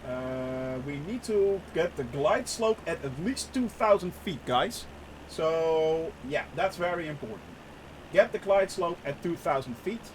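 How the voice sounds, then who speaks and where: A young man giving casual live commentary on a flight sim, chatty, laughing often and filling pauses with "uh". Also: fairly high pitch, animated, slight background noise. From Netherlands.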